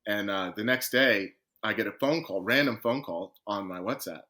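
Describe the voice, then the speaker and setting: Male podcast guest with a bright, forceful voice, animated storyteller who acts out what people said. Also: fairly low pitch, moderate pace. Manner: lively storyteller, acts out quoted conversations. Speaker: guest, professional footballer.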